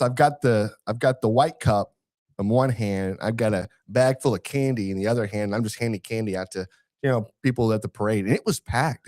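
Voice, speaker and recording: A man's voice: medium pitch, darkish tone. A man with a Texan accent hosting a casual barbecue podcast, rambling with fillers and restarts. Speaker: podcast host. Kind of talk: casual chat.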